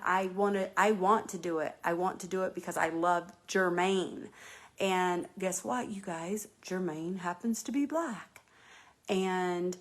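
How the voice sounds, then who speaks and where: A woman from North Carolina hosting a casual live chat, talking earnestly and rambling with many restarts and fillers. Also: lowish voice. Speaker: host.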